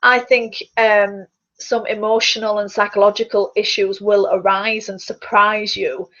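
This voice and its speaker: A woman's voice: mid-range voice, little pitch movement, a little slow, a bit bright. Chatty woman on a dull webcam. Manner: chatty, rambling, stumbles over words. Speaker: fitness coach and public speaker. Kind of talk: casual chat to webcam. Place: small quiet bedroom. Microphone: computer mic on a video call.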